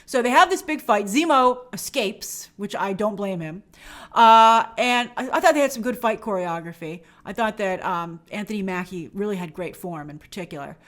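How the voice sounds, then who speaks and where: A woman's voice: medium pitch, lively intonation, normal speed, fairly bright tone. A woman hosting a review show, giving a chatty and enthusiastic breakdown of a TV episode and sometimes acting out the characters' lines. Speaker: film and TV review show host. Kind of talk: casual episode breakdown commentary.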